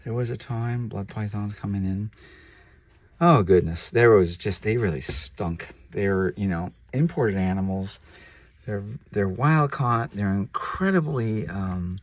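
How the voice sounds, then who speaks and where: A man who breeds reptiles, hosting a casual vlog while handling snakes, chatty and sometimes dropping to soft murmurs toward the animals, recorded on a handheld camera mic indoors. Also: fairly low pitch, a little slow, dry recording. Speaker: reptile breeder and channel host.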